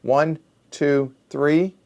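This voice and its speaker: A man's voice: a little high, fairly even intonation, drawn-out words, darkish tone. A man hosting a solo board game play-through, thinking aloud and muttering counts under his breath as he works out each move.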